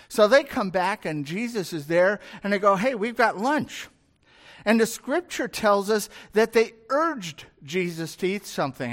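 A pastor preaches in a relaxed, storytelling manner and slips into acted-out scenes. The voice sits mid-pitch and moves with lively, animated rises and falls. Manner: storytelling, conversational, acts out scenes. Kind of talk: sermon.

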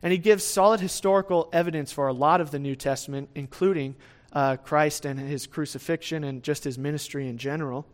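A male preacher teaches through a scripture passage in an easy, conversational sermon. His voice sits a touch higher than most men's. He leans into phrases with bursts of energy, then drops back down, and keeps checking in with his listeners. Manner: conversational, often asks "right?" to the listeners; lively swings in loudness, speeds up and slows down.

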